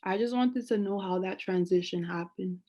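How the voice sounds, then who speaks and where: A woman's voice: medium pitch, normal speed, mellow. A young woman student asking questions in an online class, choosing her words with care. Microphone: video call.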